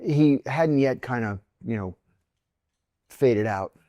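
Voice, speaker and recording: A man's voice: mid-range voice, takes it slowly, dark tone, no echo, highs cut off. A middle-aged man, a former intelligence officer, telling a personal story in a podcast interview, acting out the voices of the people in it.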